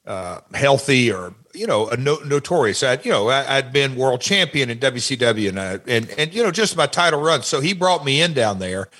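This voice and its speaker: A man's voice: medium pitch, animated, moderate pace, few pauses, fairly bright tone. A man talking as a podcast guest, telling stories in a loose, rambling way. He often repeats words and restarts sentences as he goes. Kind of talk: casual interview chat.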